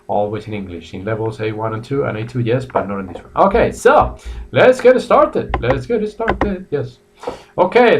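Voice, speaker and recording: A middle-aged man giving a live online English lesson, upbeat, repeating key phrases and greeting viewers by name. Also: medium pitch. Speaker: English teacher. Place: academy in Madrid.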